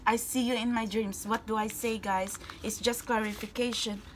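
Gushing, excitable woman tarot reader. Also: on the high side, normal speed, a little hiss or hum. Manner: gushing and excitable, often breaking into squeals and whispers; repeats herself and keeps addressing viewers as guys. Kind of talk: casual tarot reading to camera.

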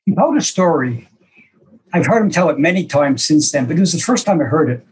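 Older man, senior disciple, husky and slightly high, hesitant storyteller on a video call. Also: animated, a little fast, rough recording. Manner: reflective, self-deprecating, hesitant with fillers. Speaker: senior disciple telling stories. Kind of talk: storytelling to a small online group.

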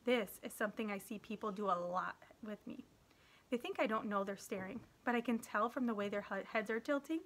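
A woman teacher reading a children's novel aloud in a steady, gentle narrating voice. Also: mid-range voice, fairly quick. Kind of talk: read-aloud storytelling.

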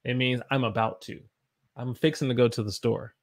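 Medium-pitched and steady, speaking at normal speed, a Southern man from the United States runs an English lesson on a live stream, cheerfully reading chat aloud and putting on playful voices.

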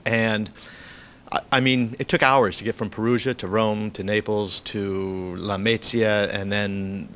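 A man's voice: on the low side, a bit bright, slight background noise. A man giving a reading, telling a rambling family anecdote with many fillers and restarts. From United States. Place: event room.

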